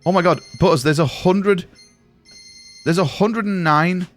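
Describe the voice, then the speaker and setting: A man's voice: high voice, a little slow, soft background music. A young man streaming a game live, rambling and swearing as he tells stories to friends. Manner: rambling, swears, chatty storyteller. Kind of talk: casual live-stream chat while gaming.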